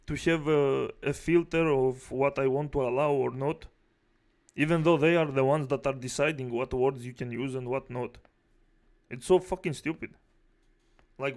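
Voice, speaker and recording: A man's voice: mid-range voice, darkish tone. A man streaming, reacting to videos and answering chat with angry, profane rants. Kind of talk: live reaction commentary.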